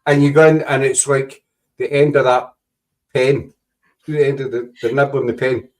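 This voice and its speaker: Guy hosting a chat, rambly, keeps restarting, ordinary middle pitch. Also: flat delivery, normal speed, darkish tone, poor audio. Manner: rambling, with many restarts and asides. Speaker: podcast host. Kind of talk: casual chat.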